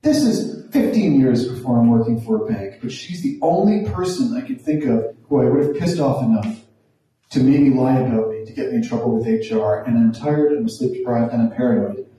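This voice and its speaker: A man's voice: mid-range voice, expressive, fairly quick, warm tone. A man in his forties telling a wry, self-deprecating stand-up story in a conversational way on a small stage. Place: small theatre room. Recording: very echoey room, from a distance.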